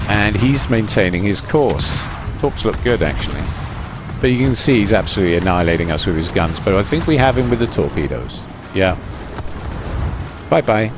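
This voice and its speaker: A man giving chatty, explanatory commentary over his own gameplay, with many fillers. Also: on the low side. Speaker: gaming YouTuber.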